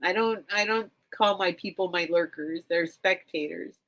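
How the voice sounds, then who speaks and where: A woman's voice: fairly low pitch, moderate pace, fairly bright tone. A woman hosting a live online vintage sale from home, rambling and chatting straight to her viewers. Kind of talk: casual live-stream chat.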